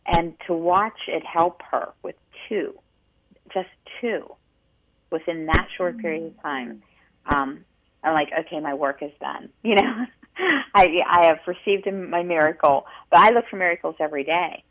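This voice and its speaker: A woman co-hosting a radio talk show, telling a story in an animated way with many restarts. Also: lowish voice, a little slow. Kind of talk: casual radio chat, storytelling. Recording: tinny phone-line sound.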